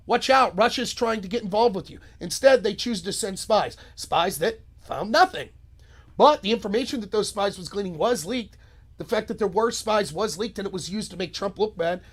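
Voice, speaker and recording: A man hosting a solo political commentary video, talking in an animated, sarcastic way and mocking the voices of the people he quotes. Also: high-pitched.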